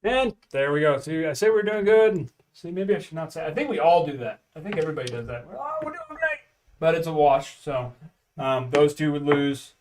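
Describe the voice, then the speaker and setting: A man's voice: a little high, brisk, distant mic, background noise. Man calling dice rolls on stream, off-mic. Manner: chatty, calls out dice rolls and bets. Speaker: streamer practicing craps. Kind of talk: casual live-stream chat. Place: home.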